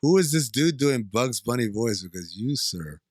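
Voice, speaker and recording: A man's voice: mid-range voice, animated, darkish tone, no room sound, studio quality. Bantering man co-hosting a podcast. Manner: quick reactive quips, teasing. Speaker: podcast co-host. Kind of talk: casual movie recap podcast.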